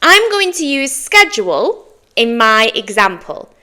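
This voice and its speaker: A British woman teaching English pronunciation, modeling words slowly and clearly and praising the listener after each try. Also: fairly high pitch, sing-song, pushed and bright. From Britain. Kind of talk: pronunciation lesson.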